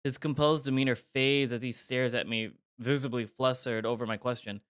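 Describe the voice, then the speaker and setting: A man's voice: medium pitch, steady tone, normal speed, few pauses, fairly bright tone, dry recording, studio quality. A man streaming a live reading of a visual novel, narrating in the first person with casual, joking asides.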